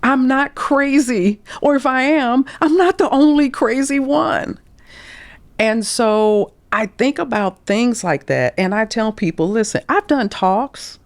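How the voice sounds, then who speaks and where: On a podcast, a middle-aged woman who works as a career coach relates candid stories, taking her time as she speaks. Her voice leans high, and she animatedly imitates the voices she quotes, sometimes whispering. The recording has no echo.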